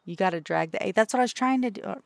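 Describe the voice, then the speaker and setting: A woman's voice: medium pitch, racing, creaky, dry recording. Playful chatty woman streamer. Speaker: VTuber streamer. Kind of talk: casual stream chat with viewers.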